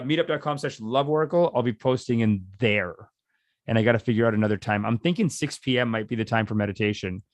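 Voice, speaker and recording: Man, meditation teacher, loose and rambling livestream chat, mid-pitched, dry close sound. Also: no room sound. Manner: rambling, chatty, reads out viewer comments. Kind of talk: casual livestream meditation talk.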